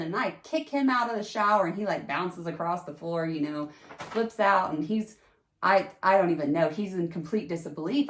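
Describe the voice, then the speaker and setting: This podcast host recounts something from her own life in a loose, storytelling style, with the room giving off an echo. She's animated, and she acts out quotes by jumping into a high pitch.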